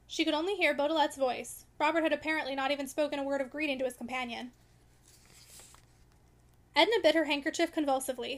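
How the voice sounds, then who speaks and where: Woman reading aloud a classic novel, high voice, quick pace, expressive, audiobook narration. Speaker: audiobook reader.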